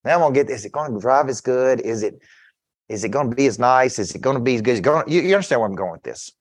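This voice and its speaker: A man's voice: medium pitch, animated, racing. Man, business coach, intense and upbeat talk to an audience, keeps asking if they follow. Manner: intense, keeps checking in with listeners.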